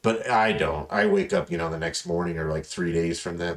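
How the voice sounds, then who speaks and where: A deep, creaky voice belongs to a male podcast host who talks briskly. He rambles through profane stories in casual chat, animatedly voicing each person's lines.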